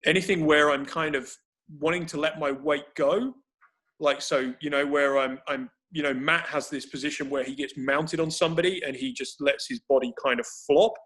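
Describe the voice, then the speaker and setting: A man with a fairly high, steady, slightly bright voice talks at normal speed on a video call, explaining how to breathe while grappling. He thinks aloud and frequently restarts.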